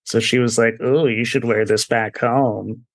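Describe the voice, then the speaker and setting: A man's voice: mid-range voice, fairly even intonation, unhurried, no room sound. A man co-hosting a podcast, talking casually about comics in a laid-back way, swearing and laughing often. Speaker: podcast co-host. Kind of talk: casual comic review chat.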